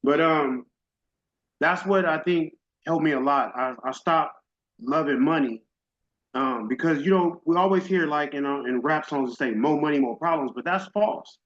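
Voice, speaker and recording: A man's voice: fairly high pitch, moderate pace, a bit bright. A middle-aged man speaking at a summit, giving a heartfelt personal testimony in an emotional, faith-driven, casual and direct way. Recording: dull lo-fi audio.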